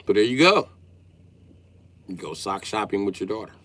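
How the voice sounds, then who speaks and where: A man, ranting comically about family life in a stand-up style, swinging from muttering to yelling. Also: fairly low pitch, animated, normal speed. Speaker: comedian. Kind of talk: stand-up style comedic rant.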